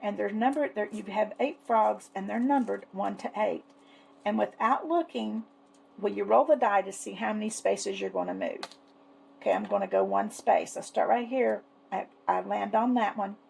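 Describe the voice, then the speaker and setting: Chatty woman with a gravelly voice. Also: mid-range voice, normal speed, darkish tone, a little hiss or hum, rough recording. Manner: chatty and fond, many fillers like "uh". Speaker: savings challenge seller and vlogger. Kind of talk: casual product show-and-tell.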